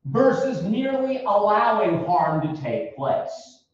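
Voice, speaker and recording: Man, ethics lecturer, slow delivery, lively pitch, far from the mic, very echoey classroom. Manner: animated, acts out quotes with raised voice. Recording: distant lo-fi recording in a very echoey classroom.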